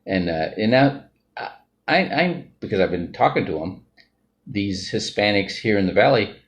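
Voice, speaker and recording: A man's voice: fairly low pitch, lively intonation, normal speed. A man talking off the cuff in a rambling monologue, often ending sentences with "right?" or "all right?". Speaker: financial group member sharing views. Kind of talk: casual unscripted monologue.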